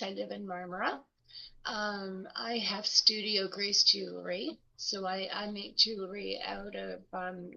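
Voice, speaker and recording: An older woman shares a personal story in a women's circle, in an unhurried and reflective way. Her voice is gravelly and a little breathy, with a bright edge. The recording sounds slightly muffled and lo-fi. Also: mid-range voice. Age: older, about 70s. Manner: reflective, with many pauses and restarts. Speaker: guest speaker in a women's circle.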